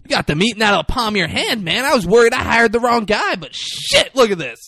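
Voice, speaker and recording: Guy putting on a loud pushy military contractor, high and brash, dry sound. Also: sing-song, normal speed, gravelly, no echo, heavily acted. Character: pushy, excitable middle-aged male military contractor.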